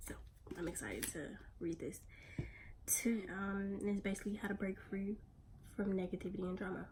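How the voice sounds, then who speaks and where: A woman's voice: medium pitch, steady tone, moderate pace, long pauses, a little mellow, a little hiss or hum. Chatty, slangy woman vlogging on the go. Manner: chatty and slangy, talks straight to viewers. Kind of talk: casual vlog chat. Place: on the go, car and errands.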